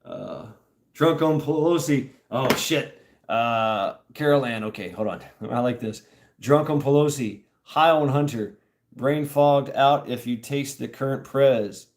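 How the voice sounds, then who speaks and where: A man's voice: medium pitch, a little slow. A man hosting a casual livestream, reading out chat and rambling with laughs, swears and lots of fillers. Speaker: host reading live chat. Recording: roomy echo.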